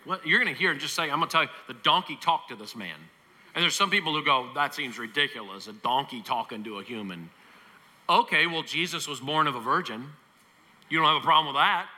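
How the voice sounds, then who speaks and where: A man preaching a sermon as pastor, telling a Bible story with animated acting-out of the characters. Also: fairly high pitch, long reverb tail.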